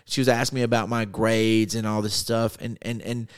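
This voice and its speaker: A man's voice: on the low side, flat delivery, smooth, no room sound, clean studio sound. Earnest man telling a sermon story. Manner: earnest, halting with repeated restarts. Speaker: preacher.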